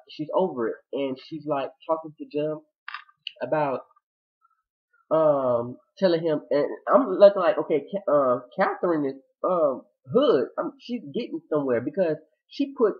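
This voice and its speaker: A man talks fast and loose about last night's episode, jumping into the characters' lines with dramatic asides. His voice is a little husky and the recording sounds dull and lo-fi. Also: fairly high pitch. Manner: excitable, chatty, retells scenes with dramatic quoted asides. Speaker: TV episode reviewer. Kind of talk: casual recap vlog.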